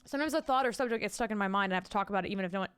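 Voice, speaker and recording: A woman's voice: mid-range voice, racing, fairly bright tone, clean tone. A woman streamer chatting casually at home, rambling, swearing freely and thanking viewers. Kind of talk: casual live-stream chat reading out viewer messages.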